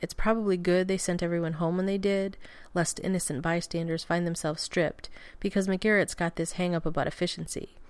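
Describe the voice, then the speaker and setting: Female audiobook narrator, intimate and expressive, low-pitched, dry close mic. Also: fairly quick, clear, resonant tone, no echo. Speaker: audiobook reader.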